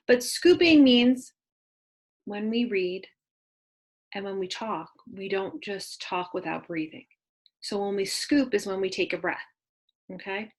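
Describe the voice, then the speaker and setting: A young woman teaching a remote phonics lesson to kindergarten children, slowly sounding out letters and words. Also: fairly high pitch. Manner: slow, exaggerated sounding-out of letters.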